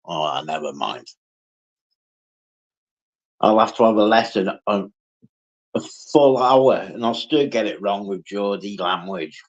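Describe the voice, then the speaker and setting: A man on a casual livestream, slowly chatting, swearing freely and answering viewers by name. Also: fairly low pitch, expressive, lo-fi sound. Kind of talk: casual live chat.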